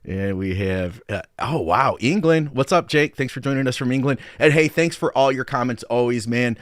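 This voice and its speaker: A man's voice: mid-range voice, moderate pace, dry recording, studio quality. A middle-aged American man hosting a live podcast stream, greeting viewers and reading comments in an upbeat, chatty way. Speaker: podcast host and coach. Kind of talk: casual live-stream chat.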